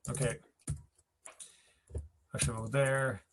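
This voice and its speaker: A man's voice: mid-range voice, level tone, slow, noisy background. A man teaching a language class, patient and chatty, thinking aloud as he explains and writes examples. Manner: patient, laughs easily, thinks aloud mid-sentence. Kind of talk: explaining grammar at a whiteboard.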